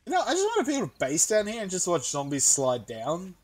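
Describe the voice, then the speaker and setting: Lively high-voiced gamer man. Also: quick pace. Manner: excitable, yelps and laughs at scares. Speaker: gaming YouTuber. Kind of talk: casual co-op gaming chat.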